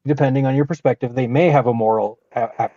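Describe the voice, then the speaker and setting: A man's voice: mid-range voice, fast, dark tone, muffled recording. A man co-hosting a podcast, talking casually and opinionatedly, with frequent restarts. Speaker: podcast co-host.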